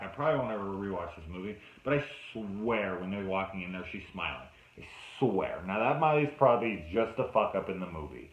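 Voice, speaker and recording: A man giving a casual, profane film review, sounding exasperated throughout. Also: on the low side. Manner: exasperated, swears a lot. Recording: dull lo-fi sound in an echoey room.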